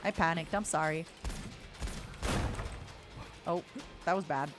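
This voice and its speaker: A woman's voice: deep voice, takes it slowly, over music. A woman streamer giving playful, casual commentary as she plays a game, calling her viewers honey and darling.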